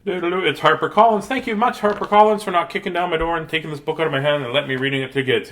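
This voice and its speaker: A man's voice: on the high side, rapid-fire, few pauses, fairly bright tone. A man hosting a storytime video, reading picture books aloud with goofy jokes and chatty asides from home. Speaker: storytime reader host. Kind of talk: playful picture book read-aloud.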